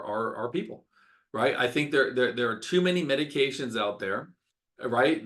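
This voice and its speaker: A man's voice: medium pitch, fairly bright tone. A middle-aged man with a mid-range voice hosts a health webinar as a doctor. He talks with passion, rants openly, and repeats words for emphasis.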